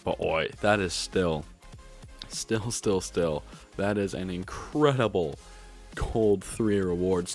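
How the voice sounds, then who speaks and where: A man streaming a video game pack opening, excitable and trying to keep his voice down at home, swinging from grumbling to yelling. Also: deep voice, slow, faint music behind. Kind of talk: pack-opening gameplay commentary.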